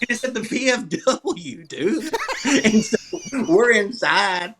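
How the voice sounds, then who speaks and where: A man, a comedian guest, telling stories in a casual, animated, profane way and laughing often. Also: sits high, takes it slowly, noisy background. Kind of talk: casual storytelling interview.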